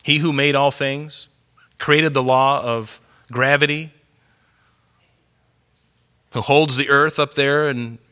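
Bright-voiced preaching man, earnest and folksy. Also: mid-range voice, slow pace, long pauses, smooth. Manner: earnest, conversational storytelling with rising excitement. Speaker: pastor. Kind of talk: sermon.

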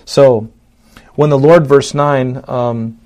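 A man delivering a sermon in a mid-range voice. He lifts his voice and pushes louder through the scripture passages, then sinks low and quiet when he appeals to the listeners, often doubling back to repeat a word. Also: steady tone, slow. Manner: rises and swells when reading scripture aloud, drops low and soft for appeals; repeats words and restarts phrases. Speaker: pastor.

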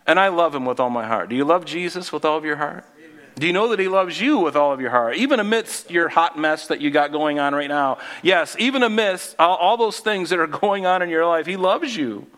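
Preaching briskly and expressively, this male pastor keeps a conversational tone. He asks the congregation questions and lowers his voice to a quiet hush when he wants emphasis.

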